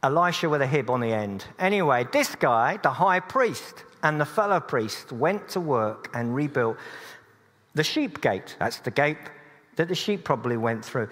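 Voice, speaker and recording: A man preaching to his congregation, earnest and steady at a middling pitch, slipping in dry jokes at his own expense. His voice rings out into a church with a long, lingering reverb. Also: normal speed. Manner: earnest, with dry humorous asides. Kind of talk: sermon.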